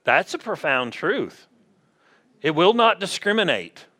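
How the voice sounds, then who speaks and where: A man's voice: high-pitched, sing-song, measured pace, bright, forceful tone. A man preaching a conversational sermon in a church, often asking the congregation questions. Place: church sanctuary.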